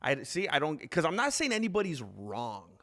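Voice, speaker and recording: A man's voice: fairly high pitch, huge pitch swings, moderate pace, bright, forceful tone. Rambling male live-stream host. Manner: rambling, reads chat comments aloud, laughs often. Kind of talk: casual live-stream chat. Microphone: desk microphone with mixer.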